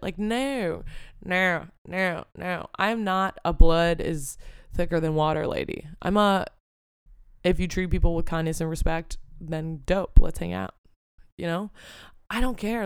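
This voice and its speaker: A woman's voice: on the low side, gravelly, smooth, no echo, studio quality. A young adult woman hosting a podcast, talking on her own in a candid, swearing, casual way, with lots of "like" and "you know.". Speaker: podcast host. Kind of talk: casual solo podcast monologue.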